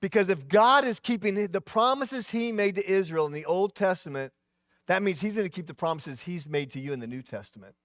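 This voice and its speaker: A man in his sixties, a pastor giving a sermon in an animated preaching style, his voice rising and dropping, with asides. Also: high voice, brisk, no room sound, clean studio sound.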